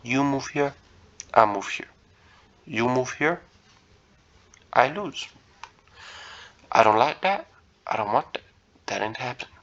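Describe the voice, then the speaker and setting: Male streamer, bright tone with gravel, casual muttering think-aloud commentary, hesitant and self-correcting. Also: medium pitch, lively intonation, slow, long pauses, highs cut off. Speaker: chess content creator.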